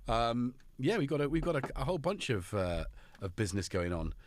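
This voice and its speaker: A man's voice: medium pitch, very animated, a little fast, a little hiss or hum. A British man hosting a casual live stream from his home studio, chatty and jokey as he greets viewers by name. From United Kingdom. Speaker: host. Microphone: headphones on, studio mic.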